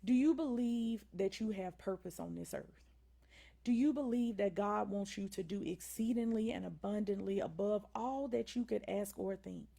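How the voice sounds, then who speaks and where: This livestream host has a Southern drawl and a medium-pitched, dark-toned voice with vocal fry, delivered at normal speed. She preaches faith-based motivation, constantly checking in with viewers through "right?" and "y'all."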